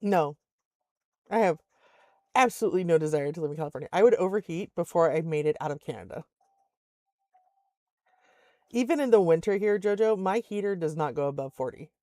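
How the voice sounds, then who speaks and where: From her home in Alaska, an older woman streams a game and spins stories in relaxed conversation, often laughing and voicing other people. Her fairly low, mellow voice is expressive and fairly quick, broken by long pauses, with no room sound.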